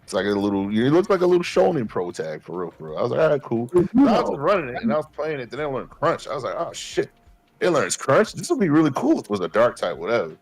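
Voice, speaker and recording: A man, co-hosting a podcast and telling animated, profane stories, acting out his past self. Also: medium pitch, fast talker. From Queens, New York. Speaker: podcast co-host. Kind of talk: casual chat.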